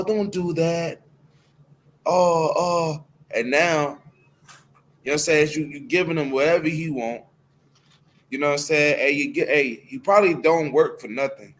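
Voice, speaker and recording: A man's voice: fairly high pitch, fairly bright tone, a little hiss or hum. A man leading a casual scripture discussion, loose and emphatic, peppering his speech with "hey" and "man". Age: adult. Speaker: class speaker.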